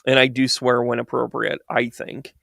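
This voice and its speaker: A man with a gravelly, creaky voice tells a story in a loose, meandering way. He wanders off topic and trips over his words as he goes. The sound is dry and close, with no room echo. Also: medium pitch, completely flat delivery, moderate pace, a bit bright. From United States. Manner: rambling and digressive, restarts, laughs at his own story. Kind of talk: casual storytelling monologue.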